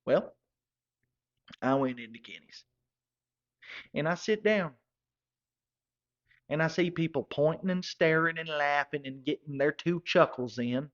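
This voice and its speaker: A man's voice: on the high side, normal speed, fairly bright tone, highs cut off. A man telling a rambling comedic story in a drawl, often correcting himself. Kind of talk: comedic monologue.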